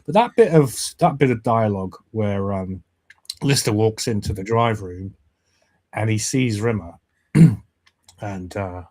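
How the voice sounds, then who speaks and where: Animated man retelling comedy scenes. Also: lowish voice, a little slow. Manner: animated retelling, quoting characters with laughs. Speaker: podcast co-host. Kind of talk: casual chat.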